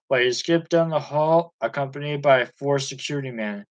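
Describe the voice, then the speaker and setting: A man reading a music biography aloud chapter by chapter, in a steady and even manner. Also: medium pitch, normal speed, few pauses, rough recording. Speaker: audiobook reader.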